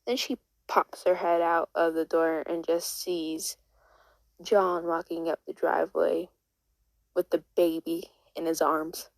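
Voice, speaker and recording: A woman's voice: lowish voice, flat delivery, slow, dry recording, rough recording. A woman casually retelling a story in a rambling way, full of restarts and "and then she was like".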